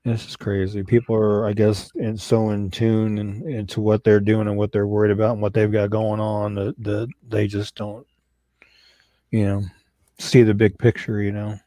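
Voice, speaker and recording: A man's voice: on the low side, monotone, normal speed, dark tone, no echo. A man co-hosting a live talk show on missing people, earnest and folksy, often repeating himself. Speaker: co-host of a missing persons show. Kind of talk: casual live-stream talk.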